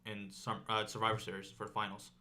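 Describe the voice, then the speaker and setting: A man's voice: fairly low pitch, fast. A man co-hosting a casual podcast, arguing his points emphatically with many "like"s. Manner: animated, emphatic, lots of "like". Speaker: podcast co-host. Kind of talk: casual chat.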